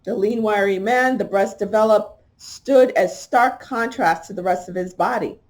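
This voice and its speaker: A woman's voice: mid-range voice, moderate pace. A woman hosting a talk show, reading from an article and commenting on it, with emphatic stress and repeated key words. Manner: talks straight to listeners, asking them questions. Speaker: podcast host.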